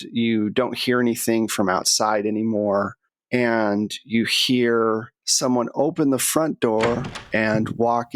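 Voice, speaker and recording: A man narrating as game master of a tabletop horror game, describing scenes in a measured way. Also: mid-range voice, slight background noise, rough recording.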